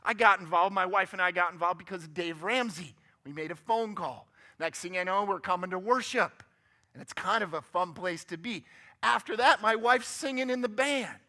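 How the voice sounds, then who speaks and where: Upbeat high-voiced man speaking in church. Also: moderate pace, pushed and bright. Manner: upbeat, joking, asks the audience questions. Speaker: guest speaker. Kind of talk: motivational church talk. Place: church sanctuary.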